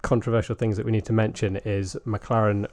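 Rich: A man co-hosts a podcast and speaks in a chatty way, recalling details with plenty of fillers. His voice sits fairly low. The sound is dry and close to the mic. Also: level tone, fairly quick, darkish tone, no room sound. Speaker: podcast co-host. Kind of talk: casual podcast chat.

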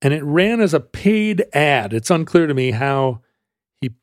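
A man tells a history story on a podcast in a loose, joking, rambling way. His voice sits a bit high. The sound is dry and close. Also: very animated, unhurried, no echo. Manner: rambling, jokey, many fillers. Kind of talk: casual chat storytelling.

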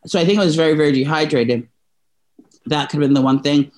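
A man's voice: on the high side, fast, a little mellow. A young man in casual chat, telling a personal story in a rambling, emotional way with many restarts. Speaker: podcast co-host telling a story.

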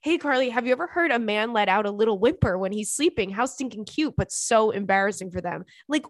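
A woman's voice: fairly high pitch, animated, brisk, few pauses, no room sound, studio quality. A young woman hosting a podcast, chatting casually and reading listener emails in a sassy, giggly way. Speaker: podcast host.

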